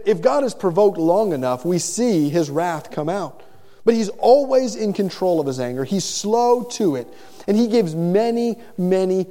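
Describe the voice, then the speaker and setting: A man's voice: high voice, dark tone. A middle-aged man preaching a sermon in an earnest way, often repeating the first word of a phrase before going on. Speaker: pastor. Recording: long reverb of a large hall.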